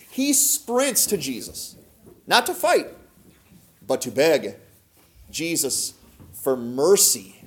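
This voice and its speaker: A man with a slightly high voice gives a casual Bible teaching as a podcast host. He talks to his listeners directly, tosses them rhetorical questions and leans hard on key words before dropping quiet again. His delivery stays lively and conversational. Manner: emphatic, swings between loud and soft.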